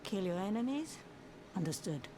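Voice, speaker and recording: A woman's voice: medium pitch, sing-song, moderate pace, dark tone, natural voice. Woman voicing a stern warrior unit in a game. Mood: clipped, dutiful. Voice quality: clipped, accented delivery. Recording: game audio with noise.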